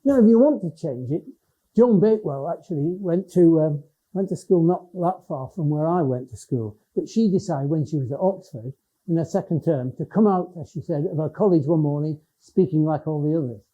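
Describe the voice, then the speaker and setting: An older man with a northern English Cumbrian accent delivers a public lecture in a loose, conversational way, often restarting his phrases. His voice is very dark and somewhat husky. The recording sounds dull and lo-fi. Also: fairly high pitch, expressive, normal speed. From Lake District, England. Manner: conversational, with frequent restarts and hesitations. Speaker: education professor giving a talk.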